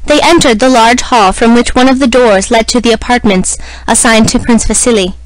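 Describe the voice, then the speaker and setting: A woman reading a classic novel aloud as scripted narration, in a measured, even manner. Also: on the high side, no echo, rough recording. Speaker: audiobook reader.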